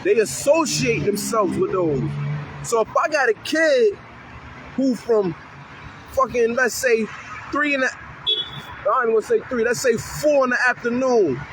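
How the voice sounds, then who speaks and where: Man, high-pitched voice, animated street talk, youth worker, profane, faint traffic behind. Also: a little slow, long pauses, low-quality recording. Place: city street corner outdoors.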